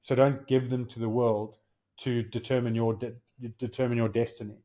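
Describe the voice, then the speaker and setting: A man in his thirties talks through ideas on a podcast in an earnest, coaching way. He slips into little quoted exchanges as he explains. His voice sits at an ordinary middle pitch. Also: little pitch movement, moderate pace, warm tone. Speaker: podcast co-host. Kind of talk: casual podcast chat.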